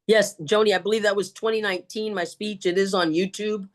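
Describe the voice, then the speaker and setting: A woman speaker answering questions on a video call, with an animated storytelling delivery. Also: medium pitch, fairly quick. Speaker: guest speaker. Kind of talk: Q&A answers in an online meeting.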